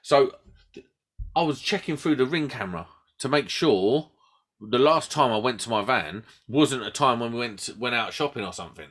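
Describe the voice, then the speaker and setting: British male podcast host; animated storyteller who shouts out quoted lines. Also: medium pitch, moderate pace. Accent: British English. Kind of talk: casual chat.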